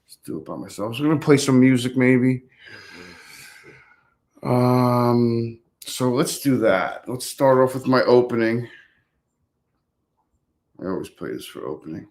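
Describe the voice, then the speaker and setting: A man's voice: mid-range voice, a little slow, long pauses, darkish tone. A man hosting a casual live stream, rambling to his viewers and talking to his dogs.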